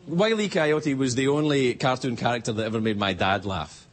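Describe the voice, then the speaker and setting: A man's voice: mid-range voice, fairly quick. A man hosting a late-night show, telling a rambling, self-mocking comedy monologue with many restarts. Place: TV studio stage before a live audience. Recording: loud audience laughter and studio noise. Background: live studio audience laughing.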